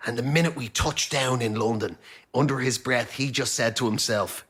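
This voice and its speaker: A man telling animated, self-mocking anecdotes as a guest on a comedy panel show. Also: medium pitch, normal speed, very noisy.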